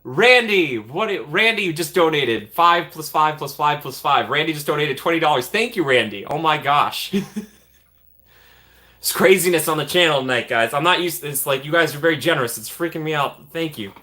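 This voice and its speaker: A man hosting a casual livestream reads out donations, thanking viewers over and over in quick bursts and laughing often. His voice is fairly high, animated, and sharp-toned.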